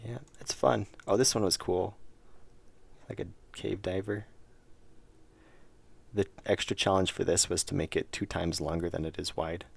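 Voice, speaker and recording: A man's voice: sits low, vocal fry, no room sound. A man streaming his indie game work, chatting casually with viewers in a rambling, self-deprecating way while losing his voice. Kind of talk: casual live-stream chat.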